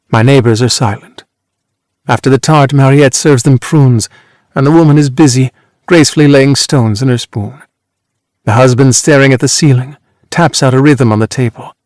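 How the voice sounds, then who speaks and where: Man, audiobook narration, measured even reading, dry close mic, mid-pitched. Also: no echo. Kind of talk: scripted literary narration.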